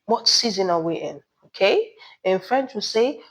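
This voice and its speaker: A woman from Nigeria, teaching a beginner language lesson, saying each word slowly and asking listeners to repeat after her. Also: mid-range voice, lively intonation, rough recording. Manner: drills words slowly, asks learners to repeat, checks with "okay?". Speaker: French teacher.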